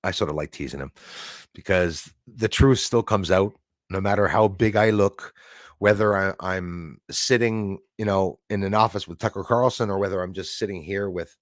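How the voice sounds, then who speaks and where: A man's voice: low-pitched, moderate pace, no room sound, studio quality. A middle-aged man from Canada hosting a live stream, chatting casually and rambling as he reads viewer comments aloud. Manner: chatty, rambling, laughs often.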